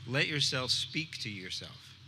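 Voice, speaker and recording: A man, an art teacher, telling a personal story to a live audience in a relaxed, conversational way. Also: mid-range voice, measured pace, background noise. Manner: conversational, acts out dialogue with voices.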